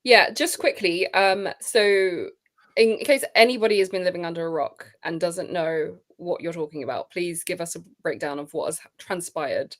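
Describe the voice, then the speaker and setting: A woman chatting casually as co-host, animated and outspoken, swearing and going off on tangents. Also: lowish voice, moderate pace. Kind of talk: casual banter.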